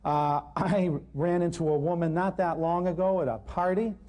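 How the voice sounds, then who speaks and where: A man's voice: on the high side, steady tone, normal speed, warm tone. A man giving a natural healing talk to a live audience, telling humorous, self-deprecating stories.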